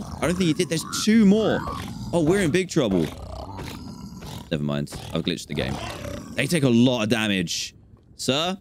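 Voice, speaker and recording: A young gaming-channel host speaks in a mid-range voice with a little background noise behind him. His let's-play narration alternates between easygoing chatter and sudden panicked yelps.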